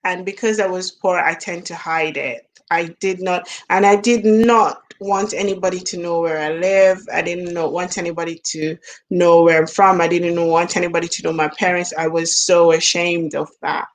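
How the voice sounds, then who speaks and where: A woman's voice: on the low side, fairly even intonation, moderate pace. A middle-aged woman from Jamaica with a Jamaican accent, talking to camera in a casual, musing vlog, trailing off and laughing at herself. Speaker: vlogger. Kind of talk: casual reflective monologue.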